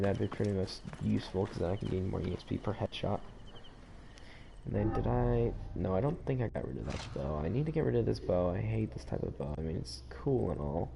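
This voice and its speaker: American male gamer host, low, gravel-edged voice, loose rambling commentary. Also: brisk, warm tone, slight background noise. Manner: rambling, chatty, self-interrupting. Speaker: gaming channel host. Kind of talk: casual let's-play commentary. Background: game music.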